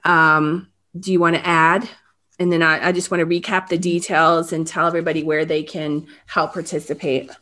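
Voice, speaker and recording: A woman hosting an interview, talking haltingly with many restarts, close to tears. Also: sits low, level tone, pushed and bright. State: emotional, near tears. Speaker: host. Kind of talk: emotional interview about a crime case.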